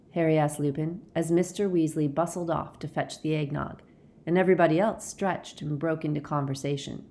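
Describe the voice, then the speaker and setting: A woman narrating an audiobook in a steady, clear storytelling manner. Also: sits low, normal speed.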